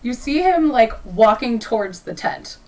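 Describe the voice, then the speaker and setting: A woman's voice: fairly high pitch, lively intonation, a little slow, a little mellow, distant mic, poor audio. A woman narrating as game master in a tabletop game, casual and giggly.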